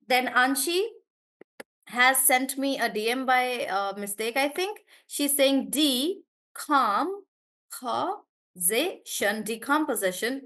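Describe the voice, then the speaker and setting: A woman's voice: a little high, fairly bright tone. A woman teaching pronunciation in a live online class over a video call, praising students and stretching words out syllable by syllable. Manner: encouraging, draws out syllables slowly when modeling words.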